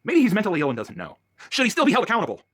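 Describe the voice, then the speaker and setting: Man, agitated vlog rant, rapid-fire and husky, pitch jumping all over, curses constantly. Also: wildly swooping pitch. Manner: profane, agitated, swings between shouting and muttering. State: worked up. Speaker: vlogger. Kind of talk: angry ranting vlog.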